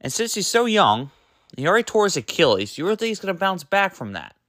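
A male podcast host delivers a loose, rambling rant that keeps stumbling and correcting itself. His somewhat high voice swings widely in pitch as he hammers his points home. The sound is close and dry. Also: sing-song, fast talker, fairly bright tone, no room sound. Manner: exasperated and emphatic, with frequent rhetorical questions; loose and rambling, trips over words and self-corrects. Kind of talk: solo sports podcast rant.

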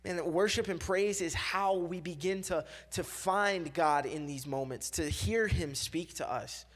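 Young man, casual sermon, slightly high voice, filler-heavy, conversational. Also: a little slow, a bit bright. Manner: conversational, full of fillers and repeats, acts out quoted voices.

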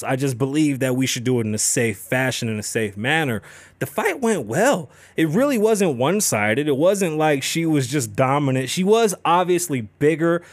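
A man's voice: fairly high pitch, no room sound. A man hosting a podcast, ranting casually and profanely with lots of swearing. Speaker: podcast host. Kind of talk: casual chat.

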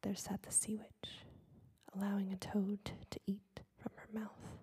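A woman reading a fairy tale aloud in a slow, even ASMR whisper. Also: medium pitch, husky. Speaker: ASMR storyteller.

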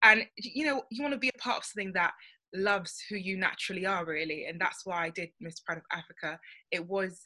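A woman's voice: fairly low pitch, fast talker, sharp tone. A young woman from the UK chatting as an interview guest, with lots of fillers like "like" and "you know". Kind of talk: casual interview chat.

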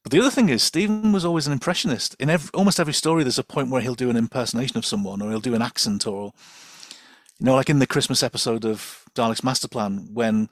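A man's voice: mid-range voice, fast, no echo. Chatty man on a dry recording. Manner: chatty and enthusiastic, many fillers and restarts, laughs often. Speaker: guest expert. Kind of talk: casual podcast chat.

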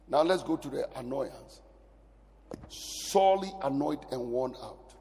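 A man preaching a sermon as pastor, his delivery swinging from loud bursts to near whispers. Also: mid-range voice, measured pace. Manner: animated preaching, sudden loud rises and drops to near whisper. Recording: long hall reverb.

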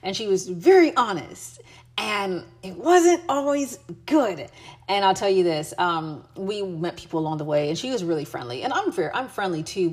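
Chatty American woman, slightly low voice. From United States. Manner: chatty and informal, many fillers and restarts. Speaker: travel vlogger giving tips. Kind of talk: casual advice chat.

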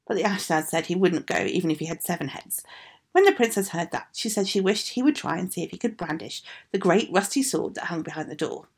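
Female storyteller, animated delivery, raspy low-edged fairy-tale read. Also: a little fast. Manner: expressive, sing-song reading.

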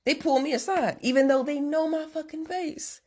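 A woman host telling a story casually, animated and full of swearing, acting out what people said. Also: sits high, normal speed. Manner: profane, animated, acts out quotes.

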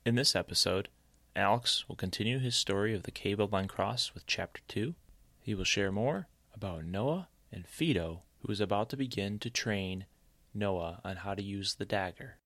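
A man's voice: lowish voice, normal speed, a bit bright, no room sound. A man introducing a podcast episode as host, reading a scripted intro.

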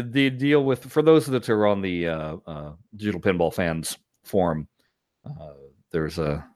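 A man's voice: low voice, no room sound, clean studio sound. An American man telling rambling stories in casual podcast chat, laughing often. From United States.

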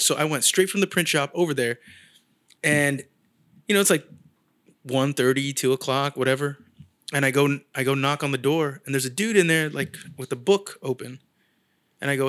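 A man's voice: mid-range voice, moderate pace, a bit bright. A man in casual chat, telling a long story and acting out the people he quotes, swearing freely. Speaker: guest artist.

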